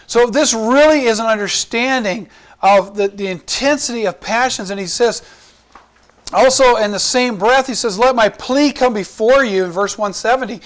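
A man with a notably high voice delivers a sermon. He talks earnestly and conversationally, breaking off to restart thoughts and put questions to his listeners. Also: moderate pace, a bit bright. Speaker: pastor.

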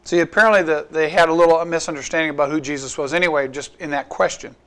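High-voiced man preaching a casual sermon. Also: steady tone, fairly bright tone, smooth. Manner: asks the congregation rhetorical questions, slows down for emphasis. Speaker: pastor. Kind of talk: conversational sermon.

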